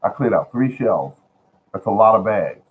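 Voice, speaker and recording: A man's voice: fairly low pitch, animated, moderate pace. A man rambling casually to his viewers from home about gardening bargains, repeating himself and calling them folks. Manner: chatty, repetitive, addresses viewers as folks. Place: at home, indoors. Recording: phone-like lo-fi sound.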